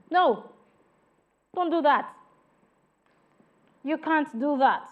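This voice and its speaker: A woman with a high voice gives an emphatic training lecture on customer service and talks straight to her trainees. She acts out each tone of voice to show it. The sound is thin and narrow, like a phone line. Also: normal speed, pauses often. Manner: emphatic, demonstrates tones by example; addresses trainees directly.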